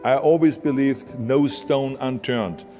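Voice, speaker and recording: Speaking slowly in a mellow, mid-range voice, an Austrian motivational speaker with an Austrian accent addresses a large hall. His delivery is emphatic, blunt and plain-spoken, and the audio carries hall reverb over music.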